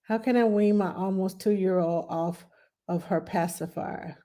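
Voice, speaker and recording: In a mid-range, fairly even, unhurried voice, a middle-aged nanny answers viewer questions and offers parenting advice during a live stream. She's chatty and relaxed, reading questions out loud and saying cheerful hellos to viewers.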